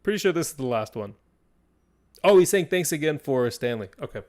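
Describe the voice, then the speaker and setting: A young man hosting a live stream as game master, swinging between hushed, suspenseful fantasy narration and excited chat with viewers. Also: fairly high pitch, fairly quick.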